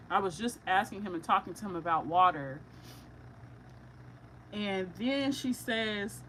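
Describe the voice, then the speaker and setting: A woman doing a psychic reading for viewers, talking casually and excitably with slang, often breaking into laughter. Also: mid-range voice, slight background noise, poor audio. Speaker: psychic reader.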